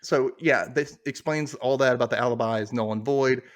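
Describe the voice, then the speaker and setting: A man's voice: mid-range voice, a little fast. A man hosting a podcast, casually retelling a TV episode with lots of fillers and asides. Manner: loose, rambling retelling with many fillers. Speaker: podcast host recapping a TV episode. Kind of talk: casual recap chat.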